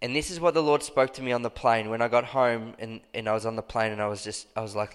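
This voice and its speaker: A man preaching a sermon to his church with passion, now and then bursting into high, emphatic cries. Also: steady tone, fast talker, clear, resonant tone. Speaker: pastor. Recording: long hall reverb.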